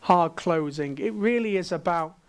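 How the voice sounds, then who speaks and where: A man's voice: high voice, moderate pace, clear, resonant tone. A man from England, giving an interactive keynote talk on a conference stage. He playfully coaxes the audience with questions. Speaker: conference speaker.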